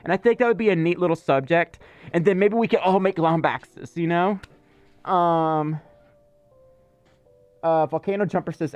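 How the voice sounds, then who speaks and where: A man's voice: fairly high pitch, moderate pace, pauses often, no room sound, highs cut off, faint music behind. A man hosting a casual livestream, chatting loosely and reading viewer messages aloud, with many fillers and asides. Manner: rambling and chatty, with filler words. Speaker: livestream host.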